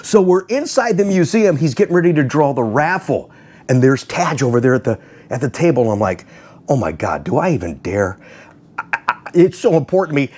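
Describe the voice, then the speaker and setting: Animated storytelling man, lively pitch. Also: brisk. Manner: animated, acts out quotes in voices, laughs often. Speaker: host of a car video channel. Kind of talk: casual storytelling to viewers.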